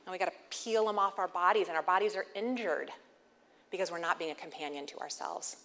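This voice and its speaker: A woman's voice: on the low side, brisk, vocal fry, a bit bright. A woman in her thirties giving a humorous inspirational talk to an audience, telling candid, self-deprecating stories. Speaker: speaker addressing an audience. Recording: long hall reverb, faint noise.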